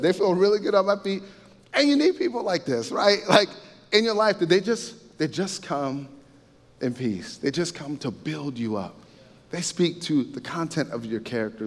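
This mid-range male voice carries the sound of a big room. He delivers a faith-based talk like a relaxed sermon, chatting along, circling back over the same points and slipping in frequent asides to the audience.

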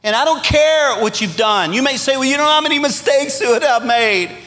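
High-pitched Cajun pastor preaching in a hall. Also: male voice, moderate pace, pushed and bright. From Louisiana. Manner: preaching with rising emphasis, asks for amens. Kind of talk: sermon. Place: church sanctuary. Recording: long hall reverb.

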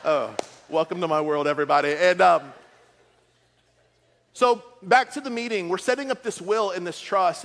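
A man's voice: sits high, fairly bright tone, big-room sound. A middle-aged man preaching a sermon as a pastor, telling stories with comic asides.

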